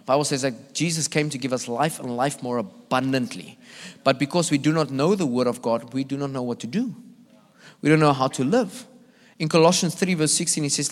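A man, a visiting evangelist, preaching a sermon and telling his own story earnestly, with many emphatic repeats and restarts. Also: medium pitch. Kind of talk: sermon with personal testimony. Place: church hall. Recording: echoey hall.

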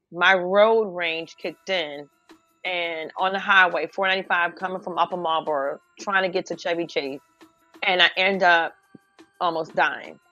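A woman co-hosting a casual chat, telling a personal story in a halting way. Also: on the low side, bright, forceful tone, dull audio. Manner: halting, with many restarts and fillers while telling a story. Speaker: podcast co-host.

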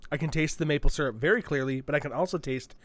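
A man's voice: fairly high pitch, fast talker, fairly bright tone. A man with a Minnesotan accent co-hosting a casual chat while tasting sodas, chatty and playful. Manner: chatty, playful, laughs easily. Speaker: co-host.

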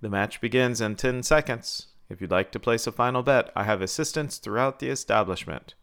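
A man's voice: medium pitch, brisk, a bit bright, clear, resonant tone, lightly acted. A man voicing a male fight promoter who drones his announcements into a microphone. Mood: announcing. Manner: droning announcer patter.

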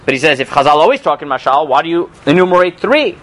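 Animated man teaching a rabbinic class. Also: a little high, quick pace. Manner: animated, peppers talk with "right?" and "okay?"; reads and translates Hebrew and Aramaic text aloud. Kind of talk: informal lecture.

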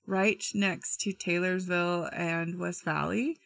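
A woman's voice: lowish voice, fairly even intonation, slow, creaky, a bit bright, dry recording. A woman from Utah casually telling a true crime story with chatty asides and slang.

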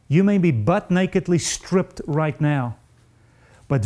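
A man delivering a sermon at an unhurried, deliberate pace. His voice is warm and mellow, and his pitch sits a little high for a man. He preaches earnestly and confessionally, climbing higher when he stresses difficult verses. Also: very animated.

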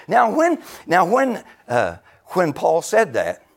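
A man in his seventies preaching a sermon, exclaiming loudly, laughing between phrases and dropping to a near whisper for emphasis. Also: high-pitched, wildly swooping pitch, slow pace, vocal fry. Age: 70s.

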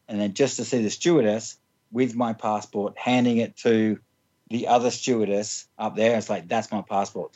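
An interview guest with a lowish, slightly mellow voice shares humorous stories from his own life, rambling, laughing often, and restarting with plenty of "like." The audio is dull.

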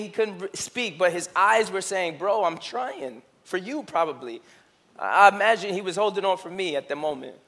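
Bright, high-voiced preacher man. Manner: personal storytelling, rising to impassioned emphasis then dropping to hushed questions. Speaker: pastor. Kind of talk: sermon. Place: church.

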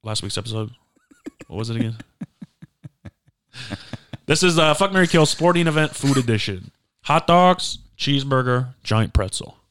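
A man's voice: medium pitch, animated, measured pace, long pauses, fairly bright tone. A man hosting a podcast, chatting in a rambling, jokey way. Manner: rambling, jokey, many restarts. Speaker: podcast host. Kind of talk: casual chat.

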